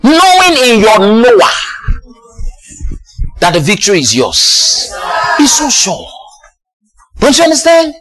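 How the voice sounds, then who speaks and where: A man preaching a sermon, exuberant, often laughing and shouting praise and calling out to the congregation. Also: extremely high pitch, huge pitch swings, slow, long pauses, over music.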